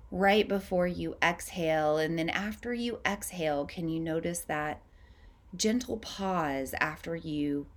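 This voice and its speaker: Female host, calm unhurried meditation guide, slightly low voice, long soft pauses. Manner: slow, gentle, soothing guidance with long pauses. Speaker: podcast host leading a breathing practice.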